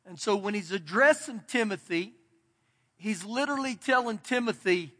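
A man's voice: high-pitched, animated, normal speed, a bit bright. A man pastor giving a sermon in a church, preaching in an emphatic, folksy way. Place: church sanctuary. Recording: long church hall reverb.

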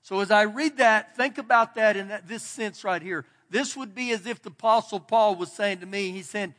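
A man's voice: high voice, moderate pace, few pauses, a bit bright. A man pastor giving a sermon in a church, preaching in an emphatic, folksy way. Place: church sanctuary. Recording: long church hall reverb.

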